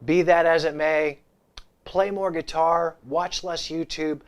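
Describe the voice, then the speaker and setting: A man's voice: on the high side, steady tone, slow, smooth. A man hosting a guitar gear vlog, talking to camera on his home set in jokey, irreverent, off-the-cuff banter. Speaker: guitar gear channel host. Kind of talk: casual vlog talk to camera.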